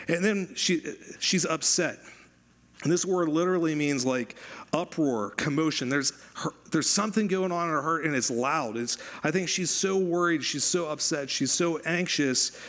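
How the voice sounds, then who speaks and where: A man preaching a sermon as pastor, conversational and animated, repeating phrases for emphasis. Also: a little high, moderate pace.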